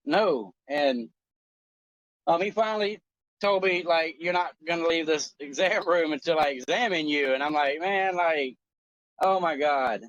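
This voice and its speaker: Man, forties, high voice, animated, profane, joking, dry muffled sound. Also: unhurried, no echo. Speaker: co-host. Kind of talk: casual chat.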